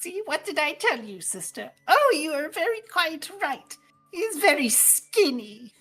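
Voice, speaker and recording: A woman's voice: high-pitched, big pitch swings, a little slow, a bit bright, soft background music, pitched above the performer's own voice, full character voice. A woman voicing teasing old witch sisters who cackle and mock. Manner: sing-song, mocking, cackling.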